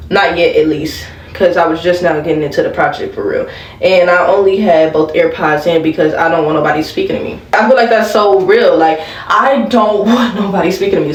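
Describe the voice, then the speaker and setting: A woman's voice: lowish voice, echoey room, distant mic, low-quality recording. A young woman vlogger chatting casually through a storytime while doing her makeup, laughing and talking to viewers as y'all. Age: young adult.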